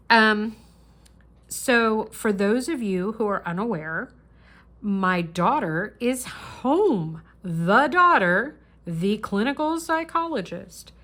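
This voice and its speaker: A woman's voice: medium pitch, fairly bright tone. A middle-aged woman hosting a crafting channel, chatting casually and earnestly while she works on a diamond painting.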